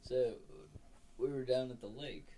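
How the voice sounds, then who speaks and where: A man's voice: medium pitch, steady tone, measured pace, mellow, slight background noise, poor audio. A young man telling a party story in a casual chat, laid-back and full of "you know.". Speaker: guest.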